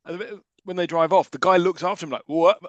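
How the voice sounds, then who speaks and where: A man riffs quickly on old films with his co-host, wry and often stumbling over restarts. He talks fast in a slightly high voice. The recording is dry and close. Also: dry recording, lo-fi sound. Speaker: podcast co-host. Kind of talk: casual film review chat.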